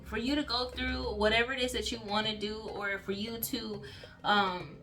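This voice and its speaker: A woman's voice: mid-range voice, sharp tone. A woman in a casual spiritual reading, talking chattily and rambling, often tagging lines with "okay?" and "like". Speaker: intuitive reader. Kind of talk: casual channeled reading to camera.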